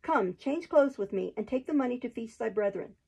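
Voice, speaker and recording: A woman's voice: fairly high pitch, animated, brisk, vocal fry, dark tone, slightly rough, heavily acted, rough recording. A woman voicing a bold, merry male outlaw leader who speaks in hearty exclamations, read aloud from a storybook.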